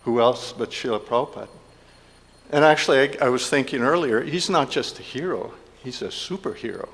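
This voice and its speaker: A man giving a heartfelt personal speech to a congregation, halting, with many fillers and restarts. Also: medium pitch, fairly bright tone. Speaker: devotee giving a festival offering. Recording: long hall reverb.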